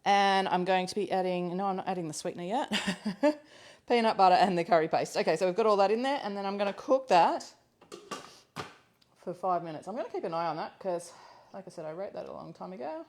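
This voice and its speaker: A woman's voice: lively intonation, a little fast, a little mellow. A woman hosting a live cooking class from her kitchen, talking casually as she works, thinking aloud with ums and laughing easily. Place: home kitchen. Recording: low-quality livestream audio.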